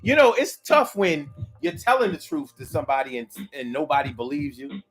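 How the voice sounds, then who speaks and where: A man's voice: fairly high pitch, a little fast. A man hosting his own talk show in a casual, rhythmic monologue, often acting out the people he talks about. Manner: animated, rhythmic, acts out quoted voices. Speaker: show host.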